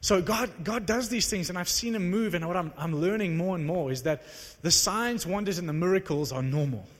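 A man preaching to a live audience, telling a story in an animated, conversational, self-mocking way. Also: high voice, fairly quick. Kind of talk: sermon storytelling. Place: large hall with live audience. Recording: long reverb of a large hall.

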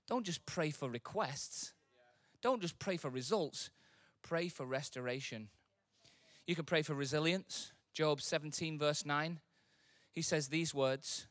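A man preaching a sermon. He talks casually, then swells into loud, impassioned preaching. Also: a little high, a little slow, dry recording, studio quality. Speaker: pastor.

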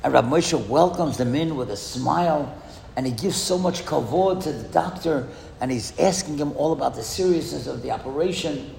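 A man giving a storytelling speech in a school hall, lively and asking the audience questions. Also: fairly high pitch, moderate pace, gravelly, slight background noise. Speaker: speaker addressing a school audience. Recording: echoey hall with long reverb.

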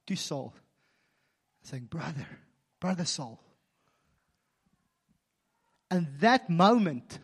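High-voiced man preaching animatedly. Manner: animated storytelling, swings from quiet to emphatic. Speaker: pastor. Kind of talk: sermon.

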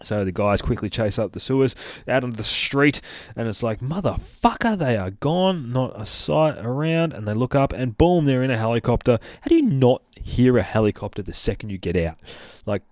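A man's voice: medium pitch, expressive, fairly quick, a little mellow, no room sound, clean studio sound. A man casually retelling a comic book story, swearing freely and laughing at his own rants. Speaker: comic book podcast host. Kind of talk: casual profane comic recap.

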